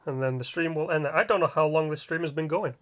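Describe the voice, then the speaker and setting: A male game streamer chats casually while building during a livestream, joking and grumbling in a rambling way. His voice is on the high side, fairly bright, and quick.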